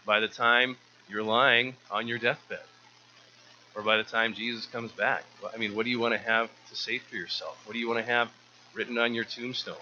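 Male church speaker, earnest and stumbly, very bright sharp tone, slightly dull recording. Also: mid-range voice, level tone, normal speed, slight background noise. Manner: earnest, often repeats words while restarting. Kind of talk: informal sermon.

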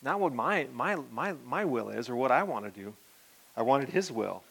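A middle-aged man, a pastor, giving an earnest personal testimony that rambles with restarts and often sinks to a soft murmur. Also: medium pitch, lively intonation, moderate pace, vocal fry, breathy edge.

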